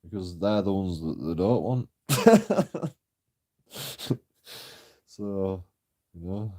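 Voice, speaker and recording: Slow, deep-voiced man telling a story. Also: very animated, warm tone. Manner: chuckles often, swears freely, rambling and mocking. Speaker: channel host. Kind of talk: casual storytelling vlog.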